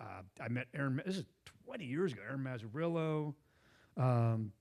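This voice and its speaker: Male guest, rambling storyteller, mid pitch. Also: darkish tone. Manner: rambling, digressive, laughs often. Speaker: guest investor. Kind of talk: casual storytelling. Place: meetup room.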